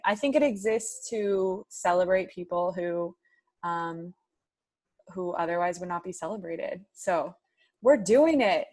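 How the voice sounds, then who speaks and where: Peppy lady teacher on a video call, reading the chat out loud, chatty. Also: mid-range voice. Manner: upbeat, chatty, reads chat aloud. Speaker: high school math teacher. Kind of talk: online class warm-up chat.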